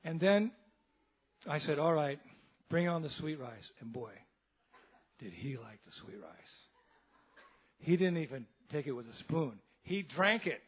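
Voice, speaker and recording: Male monk lecturer, high-pitched, lively comic storyteller who breaks into laughter. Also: a little slow, pauses often, breathy edge. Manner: animated, laughs often, acts out others' voices. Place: temple hall.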